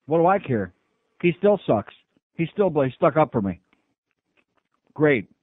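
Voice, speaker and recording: A gruff, sarcastic man hosts a call-in radio show, cutting callers down. His voice sits a little high. The sound is dry and thin like an old phone-line broadcast. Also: very animated, measured pace, no echo. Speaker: radio talk show host.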